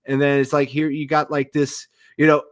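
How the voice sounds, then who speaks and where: A man's voice: a little high, little pitch movement, normal speed, no room sound, studio quality. A man co-hosting a podcast, chatting casually and rambling with many filler words while watching a documentary. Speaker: podcast co-host.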